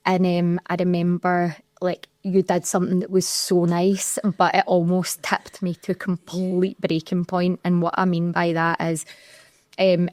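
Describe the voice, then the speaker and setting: A young adult Scottish woman co-hosting a podcast tells a candid, emotional story from her working life in casual chat. Her voice is fairly low and darkish, recorded dry with clean studio sound.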